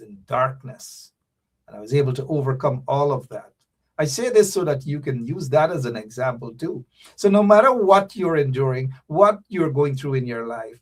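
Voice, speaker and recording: Man preaching to his viewers. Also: mid-range voice. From Guyana. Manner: preachy, repeats phrases, addresses viewers directly. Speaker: show host. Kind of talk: casual live-stream sign-off.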